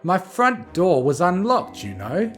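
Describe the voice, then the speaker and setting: A man's voice: high-pitched, slow, loud music behind the voice, voice pushed up, heavily acted. Celestia, a man doing a weary snarky ex-princess. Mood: annoyed. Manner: dry, deadpan, sardonic. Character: weary, snarky retired female alicorn princess.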